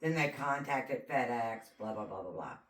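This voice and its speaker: A woman with a very deep voice, co-hosting a podcast, retells a true crime case in casual conversation at a moderate pace. She's an animated storyteller who acts out the quotes. The mic sits at a distance, picking up a roomy echo.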